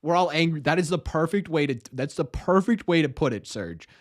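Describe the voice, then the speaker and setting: A man's voice: a little high, lively intonation, a little fast. A young man hosting a casual live stream, rambling, self-mocking and laughing often.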